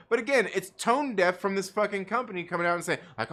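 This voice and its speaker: A man's voice: sits high, fast, hardly any pauses, pushed and bright. A man ranting in casual livestream commentary, profane and rambling, full of fillers and restarts. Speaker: livestream co-host; parent.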